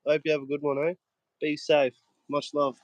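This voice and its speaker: A man's voice: fairly high pitch, monotone, moderate pace. Young aussie guy chatting on his phone, swears a lot, bit of hiss and clicks. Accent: Australian. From Australia. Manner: laid-back, swears a lot, laughs often, says mate. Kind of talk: casual chat. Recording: faint noise and clicks.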